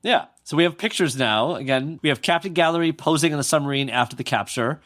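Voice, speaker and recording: A man's voice: a little high, quick pace, fairly bright tone, no echo, clean studio sound. A man hosting a podcast, telling a history story in a casual, jokey way and reading quotes aloud. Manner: jokey, reads quotes aloud with playful asides. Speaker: podcast host.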